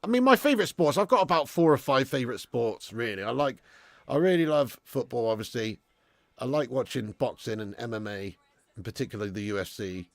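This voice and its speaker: A man's voice: mid-range voice, animated, brisk, gravelly, dry recording. A man hosting a live football watch-along, chatting casually, bantering, swearing freely and reading out viewer messages. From England. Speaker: live stream host.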